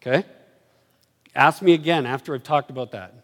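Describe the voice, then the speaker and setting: A man preaching a sermon, telling stories animatedly and swinging from low murmurs to excited highs. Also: normal speed. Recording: reverberant hall.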